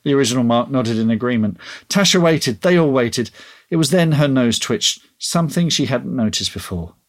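A man reading his own story aloud in an expressive audiobook style, then chatting casually. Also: mid-range voice, moderate pace.

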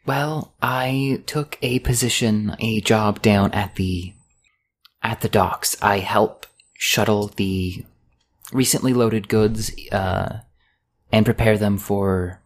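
A bright, chatty young woman who hauls cargo at the docks, as a man acts her out in a high, lifted voice. She rambles happily, a little bashful, full of small fillers, the way a player character is voiced at a game table. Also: slow. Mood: eager. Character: young woman dock worker, eager and upbeat.

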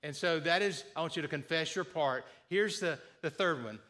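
Male pastor, sermon delivery; bright, somewhat high voice, earnest and repetitive for emphasis. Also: normal speed. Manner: earnest, repeats key phrases, acts out sample apologies.

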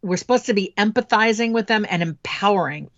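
A woman's voice: mid-range voice, fairly quick, no echo, lo-fi sound. A middle-aged woman speaking as a guest in a podcast interview, frank and reflective as she tells stories from her own parenting.

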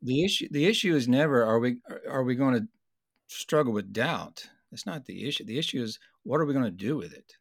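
A man teaching in a conversational Bible study discussion, earnest and explanatory, slowing down to stress key points. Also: medium pitch, expressive, gravelly, no room sound, studio quality.

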